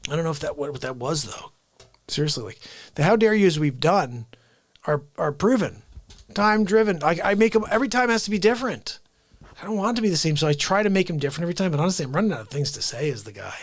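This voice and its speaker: A male live streamer chats in rapid, rambling asides, his voice gravelly and fairly high. The sound is close and dry. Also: lively intonation, no room sound. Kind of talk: unscripted live stream chat.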